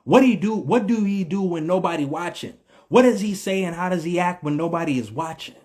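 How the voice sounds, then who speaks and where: Emphatic preachy man with a higher voice. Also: brisk, darkish tone. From United States. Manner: emphatic, repetitive, slangy, preacher-like cadence. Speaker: vlogger. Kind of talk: preachy spiritual monologue.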